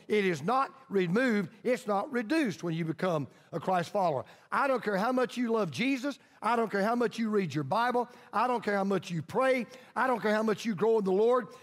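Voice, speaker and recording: A man pastor preaching a sermon emphatically, repeating lines for stress and leading his congregation in call-and-response. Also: sits high. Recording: long reverb of a large hall.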